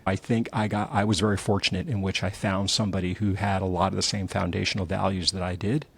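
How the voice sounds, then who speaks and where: Gravelly middle-aged male storyteller. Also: low-pitched, fast. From New Jersey. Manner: animated storyteller, acts out quotes. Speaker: entrepreneur guest. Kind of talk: candid conversational storytelling.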